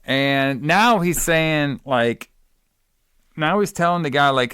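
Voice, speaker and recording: A man's voice: medium pitch, unhurried, bright, forceful tone, smooth, no room sound, clean studio sound. A man co-hosting a podcast, recapping a movie in rambling casual chat, cursing, laughing and saying bro. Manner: rambling, profane, laughs often, calls people bro. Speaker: podcast co-host.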